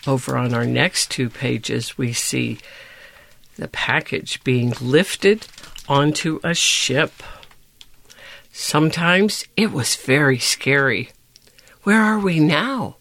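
Brief: gentle storyteller, slow-paced, gravelly voice, reading a picture book aloud. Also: mid-range voice.

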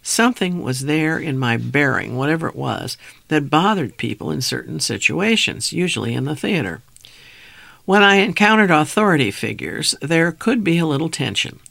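A man's voice: on the high side, very animated, normal speed, vocal fry, sharp tone, no echo. A man reading his own memoir aloud in a reflective, wry first-person storytelling manner. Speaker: memoir narrator.

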